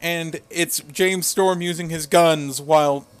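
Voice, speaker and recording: Dude recapping wrestling promos, crude jokes, kinda high voice, dry close mic. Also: male voice, steady tone, slow pace, smooth, no echo. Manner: laughing, storytelling, crude humor. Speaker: podcast co-host. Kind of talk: casual wrestling recap chat.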